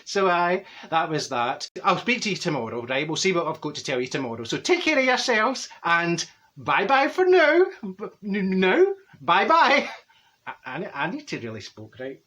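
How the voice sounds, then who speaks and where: A man's voice: high-pitched, very animated, moderate pace, sharp tone, full character voice. A man playing a cheeky older Glaswegian woman. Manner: rambling, cheeky, laughing at own stories. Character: chatty cheeky older Glasgow woman, straight-talking gossip. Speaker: comedy character. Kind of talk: comic monologue to camera.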